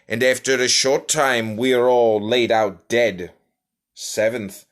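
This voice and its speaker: A man reading archaic philosophy aloud in a put-on English accent, measured and declaiming. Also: fairly low pitch, a bit bright. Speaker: reader.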